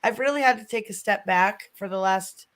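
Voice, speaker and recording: A woman's voice: mid-range voice, moderate pace, a bit bright, poor audio. A woman from the Chicago area co-hosting a live stream panel, chatty, swearing and laughing often. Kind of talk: casual livestream chat.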